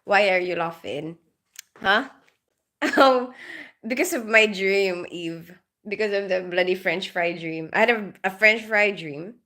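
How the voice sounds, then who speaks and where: A woman's voice: mid-range voice, a little slow, pushed and bright. A middle-aged woman, a nurse, chatting casually on a livestream, giggling often and greeting viewers by name; she has just woken up after night shifts. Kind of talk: casual live-stream chat.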